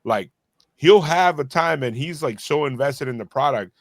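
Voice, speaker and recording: A man's voice: fairly high pitch, animated, moderate pace, no echo, clean studio sound. A man co-hosting a podcast, talking loosely in casual chat, full of "like" and "you know what I mean". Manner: loose, filler-heavy storytelling with lots of "like". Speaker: podcast co-host.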